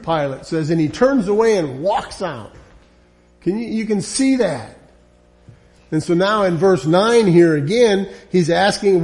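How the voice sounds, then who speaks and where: A man with a high voice delivers a sermon to his congregation. He talks emphatically and conversationally, repeating his points and often saying "you know". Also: expressive, unhurried, darkish tone. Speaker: preacher.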